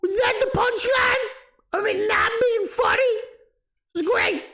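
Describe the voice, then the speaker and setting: A man voicing a sassy, shrill woman with a sharp tongue, brash and mocking. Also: takes it slowly, full character voice.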